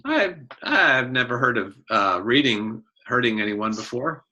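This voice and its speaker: A man's voice: mid-range voice, big pitch swings, unhurried, bright, forceful tone, highs cut off, full character voice. Curious adventurer woman, as a man voices her. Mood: eager.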